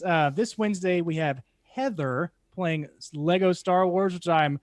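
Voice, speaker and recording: A man co-hosting a podcast, chatting about the week's streams in a relaxed way. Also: fairly high pitch, no echo. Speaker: podcast co-host. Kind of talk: casual podcast chat.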